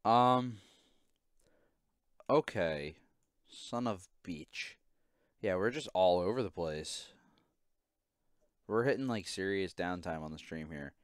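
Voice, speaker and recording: A man's voice: sits low, expressive, slow, pauses often, clean tone, no room sound, clean studio sound. Swearing man telling a work story. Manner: profane, exasperated storyteller. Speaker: podcast host. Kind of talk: casual chat.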